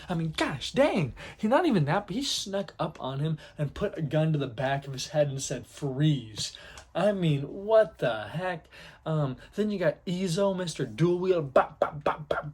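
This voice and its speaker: A young man with a slightly husky, somewhat high voice gives casual fan commentary. He rambles excitedly and drops slang as he goes. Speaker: anime commentary YouTuber.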